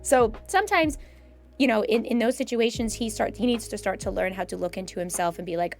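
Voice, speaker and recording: A woman's voice: mid-range voice, fairly quick, soft background music. A woman in casual chat about mental health, answering chat questions emphatically and acting out her own inner thoughts.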